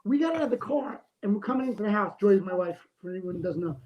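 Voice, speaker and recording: Male co-host, animated jokey storyteller, casual livestream chat. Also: high voice, fast, dull audio. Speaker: comic artist, co-host.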